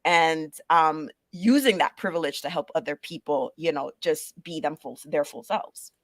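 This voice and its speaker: A woman's voice: low-pitched, moderate pace, no room sound, studio quality. A middle-aged woman with a Caribbean-inflected New York accent, telling stories animatedly as a guest in a casual interview. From Caribbean background, raised in Brooklyn. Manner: animated storytelling, laughs often, restarts.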